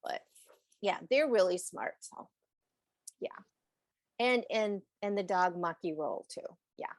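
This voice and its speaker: A woman's voice: medium pitch, animated, takes it slowly, no echo. Chatty rambling woman, dry close sound. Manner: chatty, rambling, laughs often. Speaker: animal communicator. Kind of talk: casual chat on a podcast.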